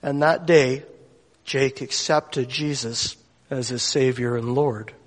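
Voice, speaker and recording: A mid-range male voice with fairly even intonation and a slow pace delivers a storytelling sermon, recounting a faith story to a gathering. He voices the people in the story and is tearful at moments, with long hall reverb on the recording.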